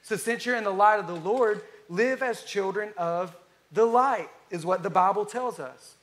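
Southern US pastor, high tenor, folksy sermon delivery, leans on key words. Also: male voice, a bit bright. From Alabama, US. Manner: folksy, conversational, drawn-out emphasis.

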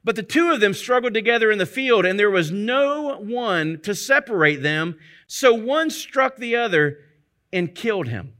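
A man's voice: high voice, expressive, normal speed, sharp tone. A man teaching from the Bible in a conversational sermon, often checking in with his listeners through rhetorical questions. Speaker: preacher.

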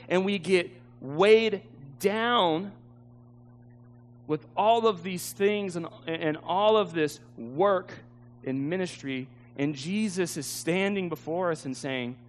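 High-voiced preacher telling a story. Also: male voice, a little hiss or hum. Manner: storytelling, emotional, laughs at himself. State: tearful at times. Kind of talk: sermon.

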